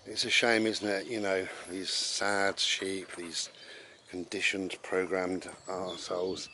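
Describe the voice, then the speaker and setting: A man's voice: sits low, flat delivery, slow, sharp tone, slight background noise. A man, rambling bluntly and sarcastically in an opinion monologue while walking his dog outdoors, swearing casually. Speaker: vlogger.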